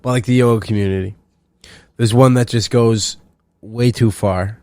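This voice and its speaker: A young man hosting a solo comedy podcast, rambling and swearing in a loose, animated way. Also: lowish voice, normal speed, dry recording. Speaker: podcast host.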